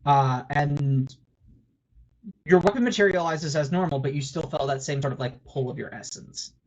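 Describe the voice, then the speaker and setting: A man narrating as game master of a tabletop role-playing session, with halting delivery and many fillers. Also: a little high, a little mellow, low-quality recording.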